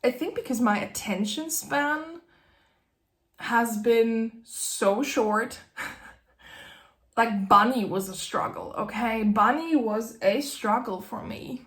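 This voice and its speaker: A woman in her late thirties, an author giving a candid personal update to camera, halting and apologetic, often breaking off mid-sentence and laughing through tears. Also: a little high, fairly bright tone, roomy sound. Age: late 30s. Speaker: author vlogger. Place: at her desk, in a roomy room.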